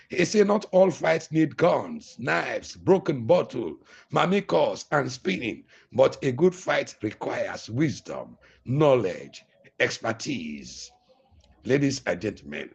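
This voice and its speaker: A man's voice: medium pitch, gravelly, slightly rough. A man with a Sierra Leonean accent giving a political speech to his fellow citizens, full of long rhetorical lists. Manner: oratorical, repetitive lists. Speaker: political speaker.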